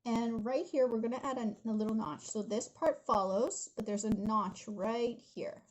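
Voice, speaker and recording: Young woman doing a chatty drawing tutorial at home, kinda high voice, lil bit of noise behind her. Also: moderate pace, darkish tone, low-quality recording. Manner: chatty, giggly, addresses viewers as guys. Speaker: art instructor.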